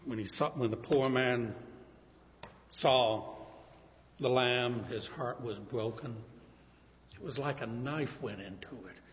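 A preacher telling a story in a sermon, acting out the characters' voices and swinging between loud calls and hushed lines. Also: male voice, mid-range voice, takes it slowly, long pauses, a little hiss or hum. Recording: muffled recording in a reverberant hall.

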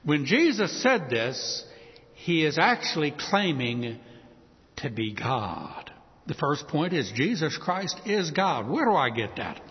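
A man preaches in a high, lively voice that swoops up and down as he drives each point home with emphasis. His sermon rings out through a large hall with a long echo, and the sound is dull and muffled. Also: slow pace. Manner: emphatic, rising to bold declarations.

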